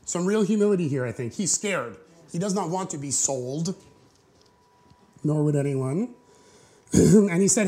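Male preacher, sermon, conversational, joking, very animated pitch. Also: moderate pace, long pauses. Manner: conversational, jokey, acts out quotes. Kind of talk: sermon, storytelling a parable. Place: church before a live congregation.

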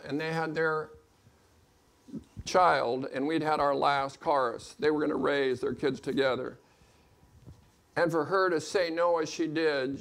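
A man with a somewhat high voice addresses a congregation. He tells his testimony in a folksy, anecdotal way, with touches of dry humor. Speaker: ministry leader speaking to a congregation.

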